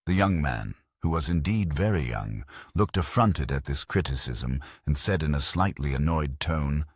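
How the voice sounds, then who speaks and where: A man reading a mystery novel aloud as narrator, with measured storytelling delivery. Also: rumbling low, husky, no room sound, studio quality. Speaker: audiobook narrator.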